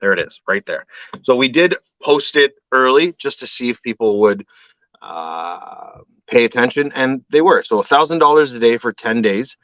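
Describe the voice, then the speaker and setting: A man's voice: mid-range voice, normal speed, no room sound. A man from Canada, a guest on a show, chatting casually and acting out the voices in his stories. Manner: animated storyteller, acts out voices. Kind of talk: casual chat. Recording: dull dry call audio.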